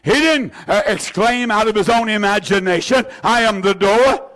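A man preaching a sermon, slow and emphatic, repeating key phrases and rising to a shout at the peaks. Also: sits high.

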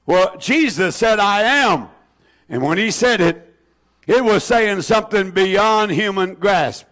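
Slow, emphatic high-voiced male preacher. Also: animated, fairly bright tone. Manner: slow, emphatic preaching with drawn-out scripture quotes. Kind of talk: sermon.

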